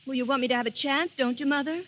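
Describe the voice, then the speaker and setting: An actress playing a sweet, timid young shop girl in a 1930s radio drama, speaking softly and hesitantly. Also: high-pitched, steady tone, fast, rough recording. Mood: pleading. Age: young adult. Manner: soft, hesitant. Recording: old radio broadcast with clear music.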